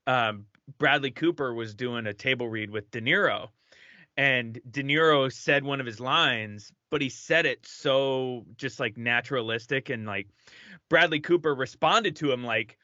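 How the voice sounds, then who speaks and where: Bright-voiced male podcast co-host. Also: medium pitch, a little slow, dry recording. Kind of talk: casual podcast chat. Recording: dry, slightly muffled podcast audio.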